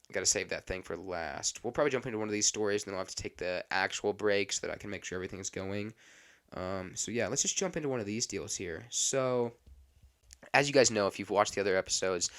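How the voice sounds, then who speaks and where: A man's voice: lowish voice, a bit bright. A man hosting a podcast who tells a rambling, chatty story about his job, often checking in with the audience. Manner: rambling, chatty, frequent fillers and "okay?". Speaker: podcast host. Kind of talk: casual storytelling.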